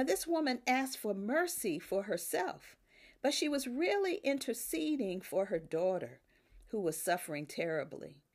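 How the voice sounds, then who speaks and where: Delivering a sermon with emphasis, this older woman speaks in a mid-range voice, lifting key words and letting her phrases fall gently at the close.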